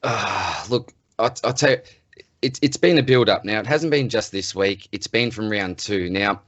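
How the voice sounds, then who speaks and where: An Australian man co-hosting a casual sports podcast, ranting in an animated, exasperated way. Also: on the low side, normal speed, dry recording, muffled recording. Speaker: podcast co-host.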